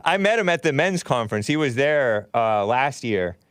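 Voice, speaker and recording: A man with a smooth, resonant voice hosts a casual livestream chat. He laughs often and reads out chat messages between calls. His voice sounds close and dry. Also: medium pitch, big pitch swings, normal speed, fairly bright tone, no echo. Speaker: host.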